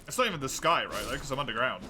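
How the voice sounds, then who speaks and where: A man's voice: mid-range voice, lively intonation, racing, noisy background. A male streamer giving chatty live gameplay commentary, reacting aloud and answering his chat.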